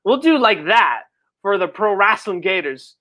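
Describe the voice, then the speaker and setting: A streamer chatting casually on a live birthday stream, reading viewer messages and rambling in slang, with sudden high, excited outbursts. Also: measured pace. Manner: rambling, slangy, full of fillers. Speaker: livestreamer and comic creator.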